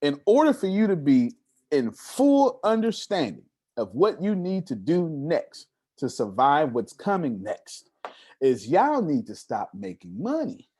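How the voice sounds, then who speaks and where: A man's voice: on the high side, sing-song, a little slow, darkish tone, husky. A man giving an emphatic live seminar talk on money, repeating words for stress and asking his audience questions. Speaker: motivational speaker.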